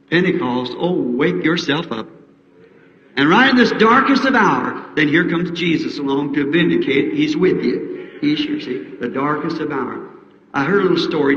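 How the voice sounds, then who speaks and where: A middle-aged American man preaching a revival sermon, folksy and fervent, rising to high emotional peaks. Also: a bit bright, lo-fi sound, slight background noise. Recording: 1960s archive tape in an echoey hall.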